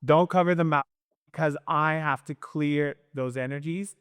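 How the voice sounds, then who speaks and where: A man working as a shaman, guiding an energy healing session, calmly directing and chanting strings of ritual syllables. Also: a little high, measured pace, smooth, no room sound, clean studio sound. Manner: chants in invented-sounding syllables, calm directive tone.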